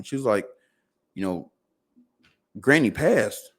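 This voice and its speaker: Low-voiced man telling a story. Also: expressive, measured pace, pauses often. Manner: fillers and repeated words, quoting others in dialogue. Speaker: podcast guest. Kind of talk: casual storytelling.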